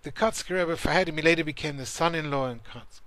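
A man with a high, bright voice gives an earnest Torah class, telling stories as he teaches. He speaks in a searching way and often restarts his sentences. The recording is close and dry. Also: fairly quick, no echo. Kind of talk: spoken Torah class with storytelling.

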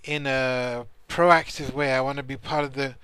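A man's voice: medium pitch, steady tone, normal speed, sharp tone, smooth, no echo. A man teaching a Torah class in an earnest, searching way, often restarting his sentences as he tells stories. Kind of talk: spoken Torah class with storytelling.

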